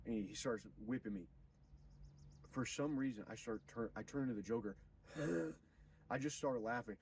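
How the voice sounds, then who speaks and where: A man streaming, retelling a story in an animated, profane, preachy way. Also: mid-range voice, moderate pace, distant mic, a little hiss or hum, poor audio. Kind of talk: casual storytelling on a livestream.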